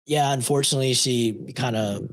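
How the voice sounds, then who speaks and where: A man's voice: medium pitch, brisk. A man co-hosting a live podcast, chatting casually with lots of swearing and reading an online story aloud. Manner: loose, swearing, reads in a chatty tone. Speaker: podcast co-host reading stories.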